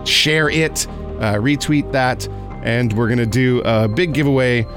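A man's voice: medium pitch, unhurried, music in the background. A man hosting a tabletop game podcast, chatting casually and laughing often with his players.

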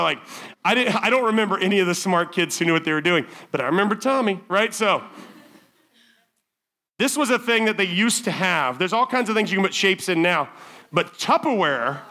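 A man speaking at a teen summer camp, telling stories in a chatty, animated way full of "like" fillers before turning them into a sermon point. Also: high-pitched, a little fast. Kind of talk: storytelling youth sermon.

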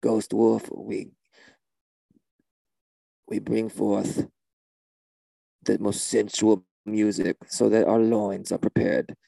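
A man playing a spaced-out, deadpan male shaman guitarist who drawls mystical non sequiturs in a gravelly, husky voice. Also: fairly low pitch, takes it slowly, long pauses, dry recording, exaggerated voice.

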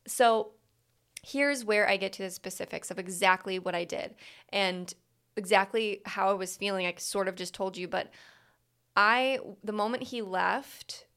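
A woman's voice: mid-range voice, measured pace, a bit bright, clean tone. A woman talking candidly in a reflective personal monologue, with many "like" fillers.

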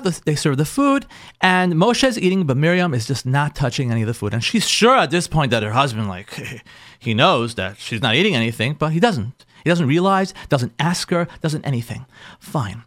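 A man's voice: fairly high pitch, normal speed, no echo, clean studio sound. A man, a rabbi and marriage counselor, telling a story to an audience and acting out the lines of the people in it, often restarting words. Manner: animated, acts out the couple's lines in quoted voices.

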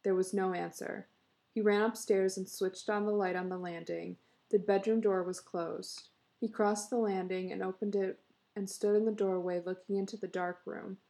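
A woman reads a story aloud in a measured, expressive way. Her voice is gravelly and mellow, with a medium pitch. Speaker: reader.

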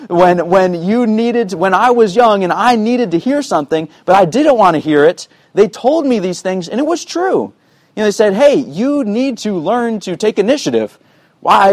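A man preaching to his church in an earnest, chatty way, often stopping to say "you know" to the room. His voice sits high for a man, and the sound is dry and close, with little room echo. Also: darkish tone. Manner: earnest, conversational, many "you know" asides. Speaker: pastor. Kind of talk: sermon.

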